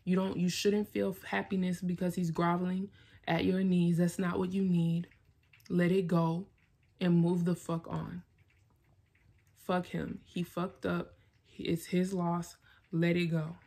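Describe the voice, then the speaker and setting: Woman vlogger pepping herself up, dark mellow voice, swears a lot, keeps repeating herself. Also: lowish voice, level tone, unhurried, creaky, slightly rough. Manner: blunt, emphatic, swearing, repeats itself. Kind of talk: self-directed pep talk.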